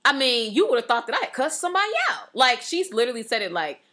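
A woman in casual, animated chat, trailing off and restarting as she talks. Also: fairly high pitch, fast talker.

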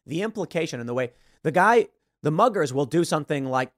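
A man's voice: fairly high pitch, animated, fast, a bit bright, no room sound. Sarcastic man with a dry, close sound. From Chicago, USA. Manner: sarcastic, storytelling. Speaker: show host. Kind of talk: political commentary monologue.

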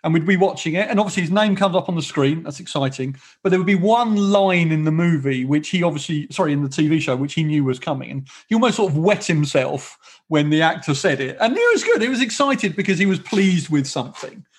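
A man's voice: on the high side, expressive, a little fast, husky. A man hosting a podcast interview, talking in a rambling, self-correcting way as he tells stories and asks questions. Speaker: podcast host. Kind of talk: casual interview chat.

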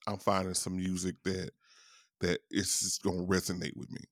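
A man's voice: low voice, monotone, moderate pace, a bit bright, no echo, clean studio sound. A young adult man hosting a podcast, chatting casually, laughing often and swearing freely as he tells stories. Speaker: podcast host. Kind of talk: casual chat.

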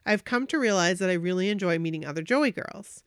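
A woman co-hosting a podcast, reading a fan's story aloud in an animated way. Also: lowish voice, a little fast, clean tone, dry recording, clean studio sound.

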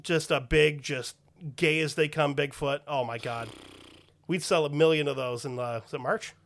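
A man's voice: fairly high pitch, fairly even intonation, normal speed, vocal fry, fairly bright tone. A man hosting a podcast in casual chat, profane and joking. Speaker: podcast host.

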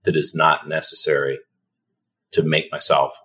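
A man with a very low voice talks as a podcast guest. He speaks in a calm, soothing and unhurried way, explaining ideas to the host in relaxed conversation. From Canada. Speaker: dentist guest.

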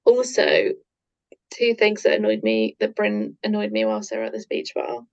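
A woman's voice: rumbling low, big pitch swings, normal speed, creaky, lo-fi sound. A woman co-hosting a podcast, chatting casually and readily agreeing with her partner. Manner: agreeable, chimes in with short backing remarks. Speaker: podcast co-host. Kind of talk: casual chat about reality TV.

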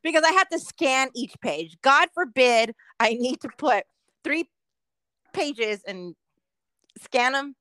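A woman's voice: sits high, animated, slow pace, pushed and bright, dry recording. A woman co-hosting a podcast in casual chat, venting grumpily about work with frequent swearing and laughter. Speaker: podcast co-host.

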